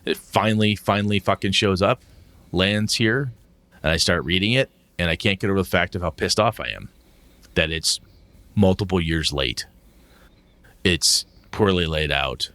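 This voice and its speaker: A man's voice: low-pitched, normal speed, sharp tone, dry recording. A middle-aged man co-hosting a podcast in casual chat, blunt and emotional, swearing freely. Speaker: podcast co-host.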